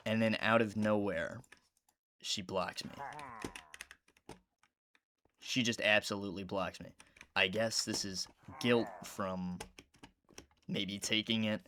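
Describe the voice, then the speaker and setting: A man with a low voice tells a meandering story while he plays a video game at his computer. He talks casually and rambles, now and then breaking into loud outbursts at the game. Faint keyboard clicks sit under his voice. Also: a little hiss or hum. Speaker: gaming YouTuber.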